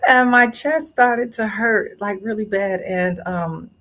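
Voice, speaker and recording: A woman in her thirties, a guest author telling a personal story in a casual, animated way and acting out other people's lines. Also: medium pitch, takes it slowly. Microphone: phone or remote line.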